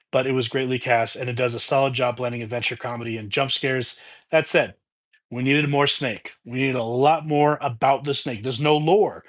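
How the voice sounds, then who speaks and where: A married man reviewing a movie in a casual, chatty way, retelling the plot with laughs and quick asides. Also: mid-range voice. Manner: chatty, animated retelling with laughs and quoted voices.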